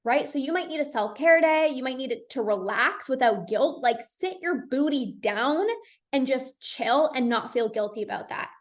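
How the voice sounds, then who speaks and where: Young woman podcaster, chatty, lots of "like", kinda high voice, reassuring coach vibe. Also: expressive, moderate pace. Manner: chatty, says "like" a lot, reassuring. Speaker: podcast host, binge eating coach. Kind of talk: solo podcast talk.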